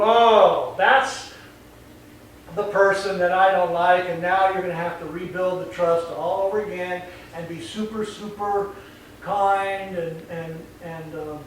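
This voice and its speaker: A man working as a dog trainer, explaining casually and animatedly, often acting out voices mid-sentence. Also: high voice. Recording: echoey room, distant mic, faint noise.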